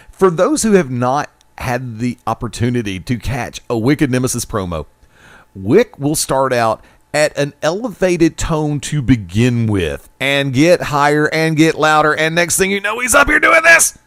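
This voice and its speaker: A man's voice: on the high side, animated, normal speed, no echo. A man co-hosting a wrestling radio show and running its sound, telling stories with laughs and acted-out quotes. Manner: laughing storyteller, acts out quotes. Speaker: co-host and sound engineer. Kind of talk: animated radio banter.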